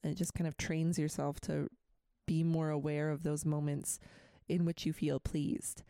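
A woman's voice: sits low, level tone, moderate pace, mellow, no echo. A woman hosting a radio show, chatting casually in a rambling way full of asides and reading a poem aloud. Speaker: radio host. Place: radio studio.

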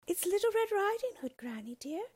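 A woman's voice: sing-song, brisk, a little mellow. Little Red Riding Hood, as a woman puts her on. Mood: sweet. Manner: high, eager exclamations. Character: little girl, sweet, curious, wide-eyed.

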